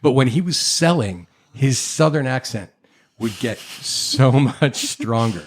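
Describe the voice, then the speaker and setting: A man hosting a podcast, chatting casually in a halting way and repeating words while he thinks. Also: mid-range voice, lively intonation, slight background noise. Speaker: podcast host. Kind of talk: casual chat.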